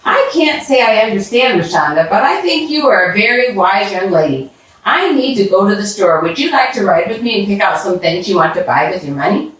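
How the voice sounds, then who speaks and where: A woman voicing a kind adult neighbor who speaks gently and encouragingly, recorded in an echoey room from a distance. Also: medium pitch, animated, a little fast, natural voice. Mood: gentle. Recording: roomy echo from a distance.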